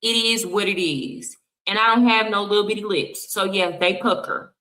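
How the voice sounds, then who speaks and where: A woman's voice: medium pitch, normal speed, pushed and bright, poor audio. A woman from Texas with a Texan accent, giving blunt, sassy live reaction commentary straight to her viewers. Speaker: streamer reacting to clips.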